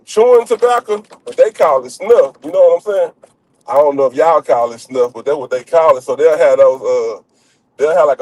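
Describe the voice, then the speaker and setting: Man, casual storytelling, slangy and filler-heavy, high voice, dry recording. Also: darkish tone, no room sound, poor audio. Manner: loose and joking, heavy slang, frequent fillers. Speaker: streamer.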